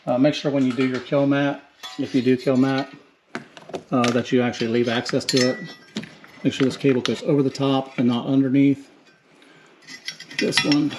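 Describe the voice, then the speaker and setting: A man's voice: medium pitch, noisy background. Laid-back man explaining a van speaker install. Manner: relaxed, rambling, talks while working. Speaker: car audio DIY hobbyist. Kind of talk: casual how-to narration while working. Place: inside a van, working on a door. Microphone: handheld camera.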